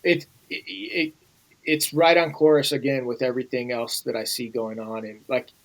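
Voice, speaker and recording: A man's voice: medium pitch, expressive, normal speed, fairly bright tone, rough recording. A man speaking as an interview guest in an urgent, emphatic way, often repeating phrases. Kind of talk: earnest interview conversation.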